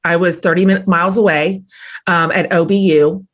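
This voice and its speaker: Oklahoma woman in her 40s hosting, lowish voice, gentle prompts and lots of little affirmations. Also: fairly even intonation, moderate pace. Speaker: podcast host. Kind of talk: interview conversation.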